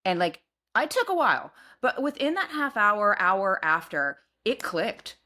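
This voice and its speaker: A middle-aged woman co-hosting a podcast, telling a personal story in casual chat and acting out what she shouted back then. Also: mid-range voice, a little slow. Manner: animated storyteller, acts out her own past shouts. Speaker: podcast co-host.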